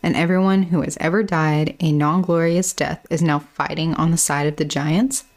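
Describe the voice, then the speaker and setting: A woman's voice: low voice, fairly even intonation, moderate pace, a little mellow. A woman co-hosting a book podcast, reading passages aloud and retelling the plot in a casual way. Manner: reads passages aloud, then retells them loosely with "she's like". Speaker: podcast co-host.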